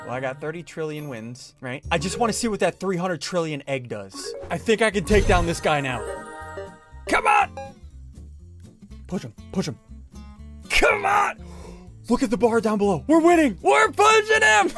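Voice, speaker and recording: Excitable high-voiced gamer guy. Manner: excitable, yells in bursts at wins. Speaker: YouTube gamer host. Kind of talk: casual gameplay commentary. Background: game music.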